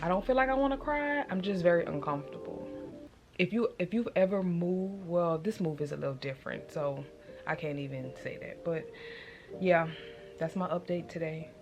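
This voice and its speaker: A woman's voice: lowish voice, normal speed. Emotional young woman vlogging at home. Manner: emotional, confiding, chatty. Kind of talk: casual vlog diary. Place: at home in her apartment. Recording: music playing underneath.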